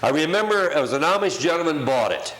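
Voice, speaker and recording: A man's voice: fairly high pitch, animated, fast, a bit bright. An older man, an auctioneer, recalling his career in a plain-spoken, hesitant way during an interview. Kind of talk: recollecting in conversation. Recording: roomy echo.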